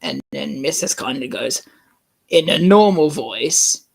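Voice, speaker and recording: A man reads a script aloud slowly for laughs, with a gravelly edge and a lively, bouncing pitch. He jokes around and trips over words as he goes. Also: no room sound. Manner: jokey, laughs at his own reading, stumbles over words. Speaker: fan channel host reading a script. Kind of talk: casual comedic reading.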